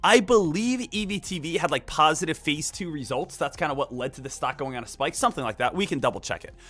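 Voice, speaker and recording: A man streaming live market commentary, energetic and emphatic, repeating key points and joking with viewers. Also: a little high, quick pace. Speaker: day trading live streamer.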